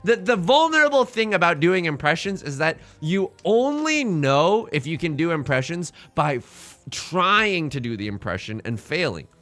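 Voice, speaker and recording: Young guy streaming a game, bright voice bouncing all over, cracking jokes over faint music. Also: on the high side, big pitch swings. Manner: joking, throws in quick impressions. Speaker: let's play streamer. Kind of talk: casual gameplay commentary. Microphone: headset mic.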